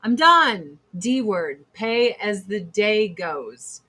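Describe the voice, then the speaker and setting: A woman hosting a podcast, ranting in a casual, profane, heated way with sudden loud outbursts. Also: mid-range voice, sing-song, very slow. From United States. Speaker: podcast host.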